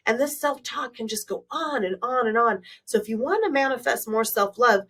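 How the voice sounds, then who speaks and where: A woman's voice: medium pitch, a bit bright, distant mic. A woman hosting her own podcast as a manifestation coach, talking frankly and bluntly in a solo monologue, swearing freely.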